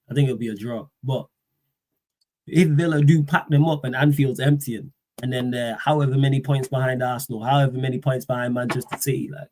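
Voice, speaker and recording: A man, hosting a football livestream, talking in a slangy, animated way and firing off rhetorical questions. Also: medium pitch. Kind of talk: casual live-stream rant.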